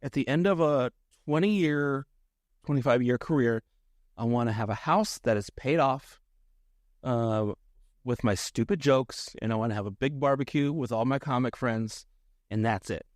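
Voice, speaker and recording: Middle-aged comic guy on a podcast, rambly and self-deprecating, mid pitch, dry close sound. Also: normal speed, no room sound. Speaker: guest comedian. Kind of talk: casual podcast chat.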